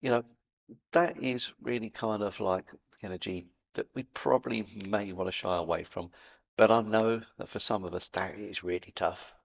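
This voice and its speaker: A man with a Cockney accent giving an earnest, gently encouraging spiritual talk to camera, in a matey way. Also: on the low side, normal speed, gravelly, dull audio. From London, England. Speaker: spiritual video host.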